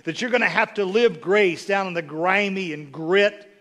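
A man's voice: high-pitched, moderate pace, a bit bright. A man preaching a sermon as a bishop, folksy and humorous, telling stories that build to emphatic bursts.

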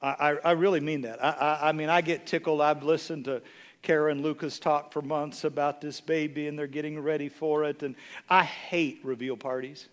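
A man's voice: a little high, level tone, normal speed. A man preaching a sermon as a bishop, folksy and humorous, telling stories that build to emphatic bursts.

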